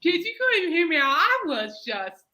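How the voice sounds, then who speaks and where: A woman's voice: very high voice, big pitch swings, moderate pace, pushed and bright. A woman hosting a podcast, chatting casually and rambling through stories. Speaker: podcast host. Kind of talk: casual chat.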